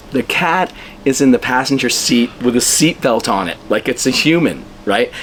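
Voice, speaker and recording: A man who is a local musician, telling a casual anecdote in an animated way and acting out the dialogue. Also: mid-range voice, a little hiss or hum. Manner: animated storyteller, acts out dialogue, chuckles while telling. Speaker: local musician being interviewed.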